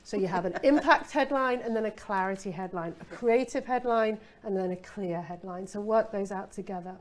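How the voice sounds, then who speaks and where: A woman's voice: medium pitch, moderate pace. A middle-aged woman giving a casual copywriting masterclass, chatty and playful, with rhetorical asides to her listener.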